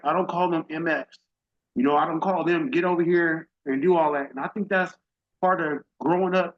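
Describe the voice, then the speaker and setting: A middle-aged man speaking at a summit, giving a heartfelt personal testimony in an emotional, faith-driven, casual and direct way. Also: a little high. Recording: dull lo-fi audio.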